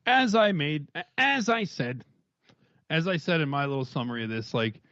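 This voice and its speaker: A man's voice: a little high, lively intonation, normal speed, fairly bright tone, dry recording, muffled recording. A man talking in casual stream commentary, rambling in long run-on thoughts with frequent restarts. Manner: rambling, discursive, many restarts.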